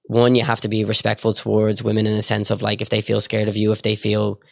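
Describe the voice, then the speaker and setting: A young Irish man chatting as a podcast guest, telling stories in a rapid, rambling way with lots of filler words. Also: on the low side, completely flat delivery, gravelly, no room sound, clean studio sound. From Ireland. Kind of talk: casual storytelling chat.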